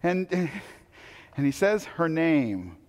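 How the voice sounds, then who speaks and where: A man preaching a sermon, telling the story with animated, acted-out quotes. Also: on the high side, slow, big-room sound. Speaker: pastor.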